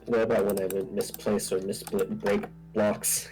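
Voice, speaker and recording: A man's voice: on the low side, little pitch movement, a little slow, poor audio. A man hosting a casual gaming chat, playful and giggly as he builds and jokes. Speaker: server host building in game.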